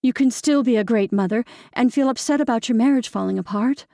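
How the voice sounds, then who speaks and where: A woman narrator voicing a caring older sister, gentle and firm as she reassures. The voice is gravelly and close, with no room sound. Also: a little high, fairly quick, no room sound, pitched above the performer's own voice. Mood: soothing. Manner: soothing, reassuring.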